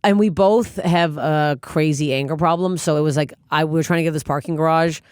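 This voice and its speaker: A woman's voice: deep voice, brisk, clean tone, dry recording, studio quality. A woman comedian, a guest on a podcast, telling stories in casual chat with lots of swearing. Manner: animated, profane storytelling.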